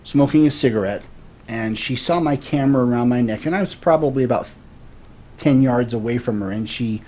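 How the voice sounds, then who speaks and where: A man's voice: mid-range voice, fairly quick, warm tone. Earnest storytelling man in his forties. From Florida. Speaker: guest. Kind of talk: casual interview storytelling.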